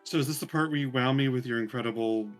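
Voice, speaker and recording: A man's voice: mid-range voice, fast talker, soft background music, lightly acted. A man voicing a grand, haughty seven-foot-tall noblewoman who is gracious but condescending. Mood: cool. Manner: theatrical, gracious yet condescending.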